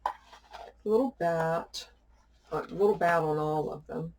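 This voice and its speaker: A witchcraft YouTuber chats casually while showing off a shopping haul, telling a rambling story and laughing often. Her voice is low, a little slow, and a little mellow, with slight background noise.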